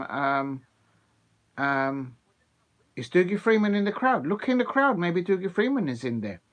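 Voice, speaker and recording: A man hosting a live football watch-along, chatting excitedly with viewers and laughing often. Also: on the high side. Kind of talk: live casual chat with viewers.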